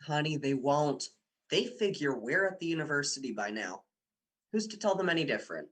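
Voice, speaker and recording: A man's voice: on the high side, lively intonation, brisk, fairly bright tone. A young man playing a persuasive male university student who coaxes and teases his girlfriend in a radio drama. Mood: tender. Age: young adult. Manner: coaxing, teasing, insistent. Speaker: boyfriend Dick. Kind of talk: amateur radio drama acting.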